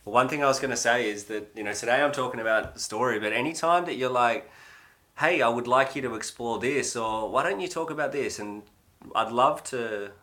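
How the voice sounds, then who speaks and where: A man's voice: mid-range voice, fairly quick, pushed and bright. A man in his thirties from Australia with an Australian accent, chatting casually to viewers on a livestream in a rambling way. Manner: rambling and chatty, with many fillers. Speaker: livestream host.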